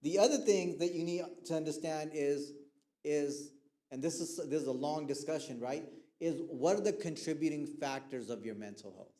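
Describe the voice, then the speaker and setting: A mental health counselor who works with young people gives a casual talk to a youth group, often checking in with his listeners and acting out the people he quotes. His voice is fairly high, mellow, and paced normally.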